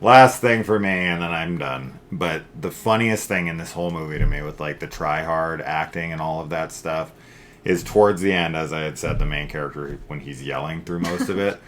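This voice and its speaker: A man co-hosting a casual horror film review, animated and profane as he rants about a movie. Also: a bass voice, normal speed, a little hiss or hum. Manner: animated and profane, ranting, mimics scenes loudly.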